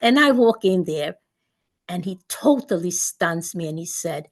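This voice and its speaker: A woman's voice: on the low side, animated, unhurried. Older woman recounting a memory. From Sweden. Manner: vivid recounting with repetitions and restarts. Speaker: guest speaker. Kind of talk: personal storytelling.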